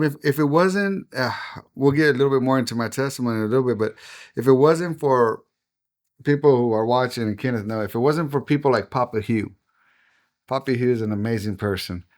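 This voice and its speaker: A man in casual conversation, talking with earnest, preacherly conviction like a pastor. His voice sits at an ordinary middle pitch. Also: normal speed. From United States. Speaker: pastor and guest.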